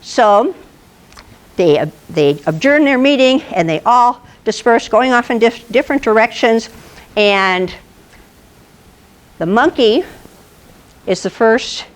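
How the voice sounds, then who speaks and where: A woman's voice: a little high, slow, pauses often. A woman giving a playful astronomy presentation to a live audience, telling stories and quizzing the room. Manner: playful, animated, asks the audience questions. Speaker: presenter at an astronomy club talk. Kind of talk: lively storytelling lecture.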